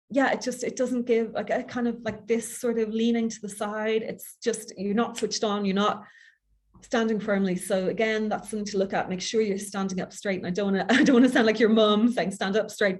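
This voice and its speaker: A woman with an Irish accent giving a quick, chatty public speaking workshop, self-deprecating and informal. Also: medium pitch, darkish tone. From Ireland. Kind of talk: workshop talk.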